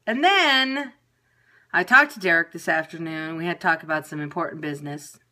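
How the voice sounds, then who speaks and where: A woman's voice: sits low, normal speed, bright, forceful tone. A woman venting casually and profanely to viewers on a phone livestream. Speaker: periscope broadcaster. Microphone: phone camera.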